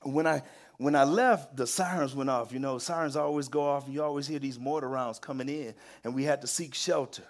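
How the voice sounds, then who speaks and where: A man preaching a sermon, telling stories with emphatic repetition and building to loud, excited peaks. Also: mid-range voice, brisk.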